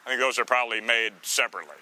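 A man preaching a sermon in a teasing, conversational way, full of quick asides to the congregation. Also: medium pitch, bright, forceful tone, slight background noise. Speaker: pastor.

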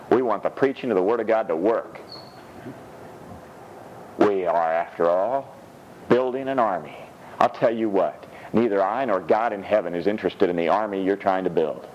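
A man preaching a sermon in a church, reading scripture with animated, rising delivery. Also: highs cut off, slight background noise. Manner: animated, rises high when reading scripture.

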